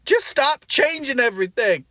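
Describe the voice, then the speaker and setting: A man's voice: extremely high pitch, expressive, moderate pace, bright, forceful tone, full character voice. A comedian playing an indignant man ranting about a restaurant. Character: angry Southern male restaurant regular. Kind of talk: comic monologue.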